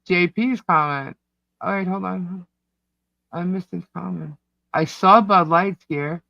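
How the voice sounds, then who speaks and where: A man with a New York accent co-hosting a casual livestream, reading chat comments out loud in a scattered, distracted way. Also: high voice, slow pace, vocal fry, no room sound, highs cut off. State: hiccups. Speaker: livestream co-host. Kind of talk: casual live-stream chat.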